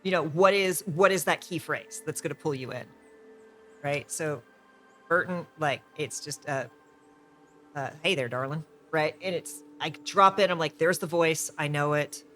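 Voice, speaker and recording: Bright-voiced man chatting. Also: a little high, measured pace, faint music behind. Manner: rambling, enthusiastic, self-correcting. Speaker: podcast co-host. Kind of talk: casual chat about tabletop role-play.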